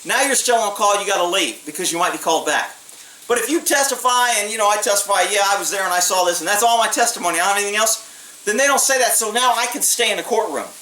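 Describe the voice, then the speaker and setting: A man's voice: high-pitched, animated, fast talker, bright, forceful tone. A man, a former police officer, telling a story in a blunt, streetwise way and swearing freely. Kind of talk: casual storytelling. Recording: echoey room, mic at a distance, faint hiss.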